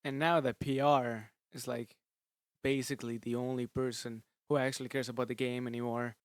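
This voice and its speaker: A man's voice: medium pitch, level tone, moderate pace, clear, resonant tone, dry recording, studio quality. A man doing casual video commentary, frustrated and complaining, swearing now and then. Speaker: gaming commentary YouTuber.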